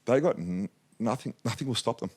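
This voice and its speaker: A man in his forties from Australia, a business guest telling lively anecdotes in a casual interview and acting out quoted lines. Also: medium pitch, a little fast, slightly rough. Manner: animated anecdotal, acts out quotes.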